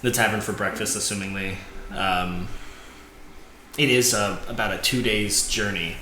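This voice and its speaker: Guy running a tabletop game, kinda low voice, lots of ums, echoey room w some noise. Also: fairly even intonation, bright, forceful tone. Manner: rambling, halting narration with many fillers. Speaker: game master.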